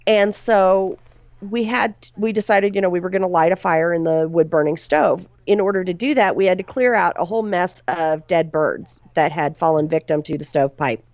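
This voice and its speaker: A woman recounts a haunting from her investigations, dropping her voice low on the chilling details. The recording is dull and lo-fi, with a dry, close sound. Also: normal speed, a little mellow, no room sound. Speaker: paranormal investigator guest. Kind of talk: storytelling in a podcast interview.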